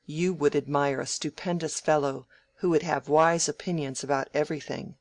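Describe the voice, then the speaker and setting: A reader playing an idle young gentleman who is easily piqued, speaking in emphatic, protesting tones in audiobook dialogue. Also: medium pitch, fairly even intonation, moderate pace, lightly acted. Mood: sulky.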